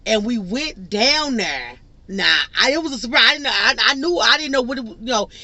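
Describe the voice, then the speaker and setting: A young woman vlogger telling a personal story in an animated, laughing, casual way. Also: a little high, fairly quick. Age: young adult. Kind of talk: storytime vlog.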